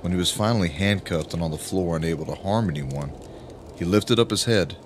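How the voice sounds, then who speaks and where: Deep-voiced male audiobook narrator. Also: slight background noise. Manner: grave, emphatic delivery with dramatic pauses. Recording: music playing under the voice.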